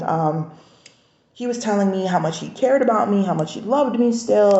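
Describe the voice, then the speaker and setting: A young woman recounts a personal story straight to camera in a candid, conversational way, voicing the people in it as she goes. Her voice is low-pitched, mellow and gravelly with vocal fry. The recording is dull and lo-fi, in an echoey room. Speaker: vlogger.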